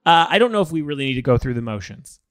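A man's voice: very animated, very fast, fairly bright tone, dry recording, clean studio sound. A man co-hosting a podcast in casual chat, joking and laughing often. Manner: joking, laughs often, quotes movie lines in a higher voice. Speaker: podcast co-host.

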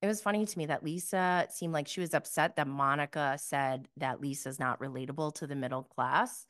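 Chatty sarcastic woman, low-pitched. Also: fairly even intonation, fairly quick, fairly bright tone. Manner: chatty and sarcastic, with many fillers. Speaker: podcast host recapping reality TV. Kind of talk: casual commentary.

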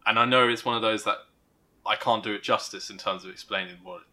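Bright-voiced young man in casual chat. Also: on the low side, steady tone, fast talker. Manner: thinks aloud with restarts and soft laughs. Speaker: podcast co-host.

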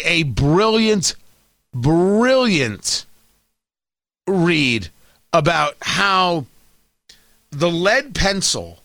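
Guy hosting a talk show, ranting n sarcastic, voice jumps all over, pretty high. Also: bright, forceful tone, dry recording, studio quality. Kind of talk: opinionated political monologue.

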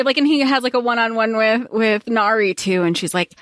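A woman with a fairly high voice talks casually on a podcast, recapping a plot and voicing characters' lines as she goes. Her voice sounds close and dry. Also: normal speed, few pauses, fairly bright tone, no echo. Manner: conversational, acts out characters' lines while recapping. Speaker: podcast co-host. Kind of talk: casual book discussion.

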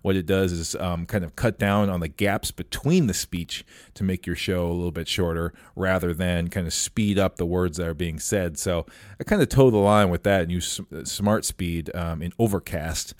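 Deep-voiced man, halting podcast chat. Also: no echo, clean studio sound. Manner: halting, many fillers and restarts. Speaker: podcast host. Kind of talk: casual chat.

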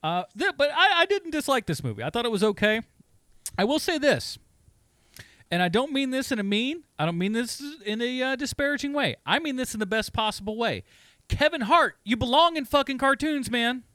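A man's voice: extremely high pitch, big pitch swings, brisk, sharp tone, no room sound. A man co-hosting a movie podcast, laid-back and profane, laughing often in casual chat. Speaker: podcast co-host.

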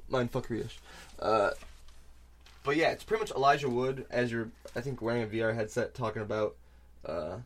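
A young man hosting a casual gaming podcast, talking animatedly with lots of fillers and some swearing. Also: fairly low pitch. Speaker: podcast host.

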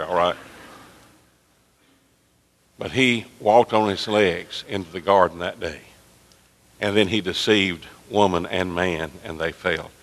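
A man preaching a sermon as pastor, impassioned and climbing toward near-shouts. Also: low voice. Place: church sanctuary. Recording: long reverb of a church hall.

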